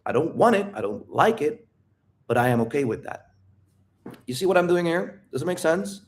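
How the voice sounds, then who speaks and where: A man's voice: fairly high pitch, very animated, normal speed. A man coaching on relationships, emphatic and blunt, cursing freely and checking in with his listeners as he acts out scenes. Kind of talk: coaching monologue with role-play.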